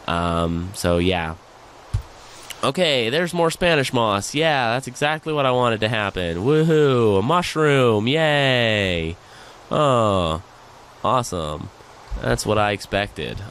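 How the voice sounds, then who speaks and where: Animated man commenting on gameplay. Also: mid-range voice, slight background noise. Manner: chatty, excitable, groans and cheers at the game. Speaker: gaming channel host. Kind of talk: let's play commentary.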